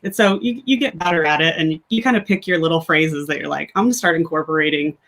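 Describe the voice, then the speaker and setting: A woman's voice: deep voice, quick pace, a bit bright. A woman in her thirties with a Midwestern American accent, chatting as an interview guest, laughing often and talking with many fillers. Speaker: guest, sugaring instructor. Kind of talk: casual interview chat.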